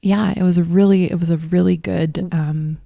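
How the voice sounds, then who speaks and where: Woman podcast co-host, relaxed, gravelly, mellow low voice. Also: moderate pace, no room sound, studio quality. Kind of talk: casual chat.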